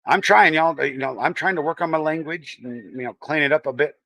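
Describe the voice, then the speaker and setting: A man's voice: a little high, brisk, vocal fry, pushed and bright, no echo. Man, Texan-tinged accent, livestream host, casual teasing chat, dry close sound. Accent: Texan-tinged American. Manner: teasing, chatty, reacts to chat.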